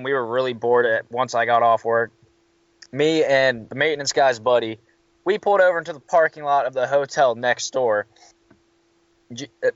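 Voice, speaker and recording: A man tells a story in a casual chat, lively and profane, and bumps his voice up whenever he quotes someone. The sound is dry and close with a dull, lo-fi edge. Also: mid-range voice, no room sound. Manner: animated, swearing, quoting others in raised voices. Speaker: hotel worker telling a story.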